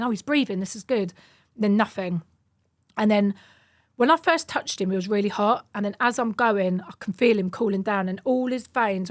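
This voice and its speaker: Woman guest rattling thru a story, doing all the back and forth voices, mid pitch. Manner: fast, vivid retelling that acts out quoted dialogue. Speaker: podcast guest. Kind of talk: personal storytelling in conversation.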